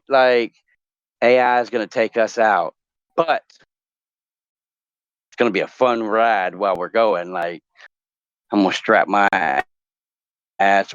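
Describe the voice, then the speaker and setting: Rambling, joking male host; smooth, clear voice on a dry, slightly muffled recording. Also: lowish voice, slow, pauses often, a bit bright, dry recording. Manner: rambling, joking, many fillers. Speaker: talk show host. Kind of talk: casual chat, asking would-you-rather questions.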